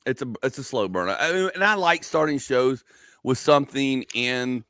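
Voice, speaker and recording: Animated male comedian telling stories. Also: mid-range voice, normal speed, clean tone, no room sound, studio quality. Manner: animated storytelling with repeated phrases. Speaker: comedian and podcast host. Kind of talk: casual podcast chat.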